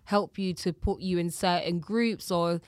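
A young Jamaican woman, herself a live host and presenter, chats as a guest in a casual interview, speaking unhurriedly in a lowish voice with a clean studio sound and no room echo. Touched by speech, she's a lively storyteller who laughs often and acts out the quotes in her stories.

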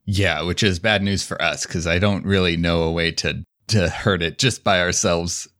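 A man's voice: low voice, fairly even intonation, normal speed, a bit bright, no room sound, clean studio sound. A man playing a tabletop game, chatting in a playful, upbeat way. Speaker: player. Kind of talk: casual tabletop game play.

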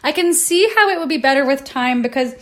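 A woman's voice: sits high, fast. A young woman co-host, chatting casually and joking wryly with frequent laughs while tasting food. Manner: wry, joking, laughs often.

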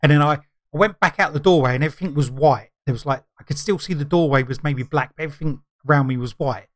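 A middle-aged man co-hosting a podcast in casual chat. His voice sits a little high, and he rambles with many fillers and restarts. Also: quick pace. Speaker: podcast co-host.

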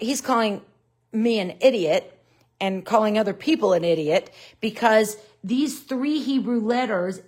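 A middle-aged woman with a Southern US accent and a medium-pitched voice teaches a live-streamed Bible study in an unhurried, conversational way. She becomes indignant when discussing critics.

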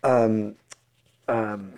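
A middle-aged American man, an actor, telling stories in casual chat, animated and profane, acting out the voices of the people in them. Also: on the low side, very slow. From United States. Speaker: actor guest. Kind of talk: casual storytelling.

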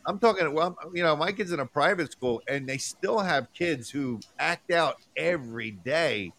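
Man, podcast host, emphatic, casual, swears, slightly higher voice. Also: lively intonation, moderate pace, a bit bright, no room sound. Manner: emphatic, agreeing, swears freely.

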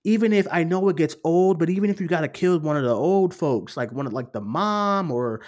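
A man hosting a casual movie discussion, rambling and animated, often acting out what others said. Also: on the high side, brisk. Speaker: podcast host.

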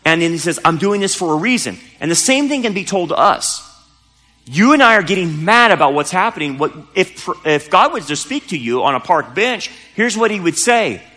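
Earnest pastor preaching in a reverberant hall. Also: male voice, high-pitched, sing-song, moderate pace, pushed and bright, soft background music. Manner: conversational, earnest preaching with frequent restarts. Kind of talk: sermon. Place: church sanctuary.

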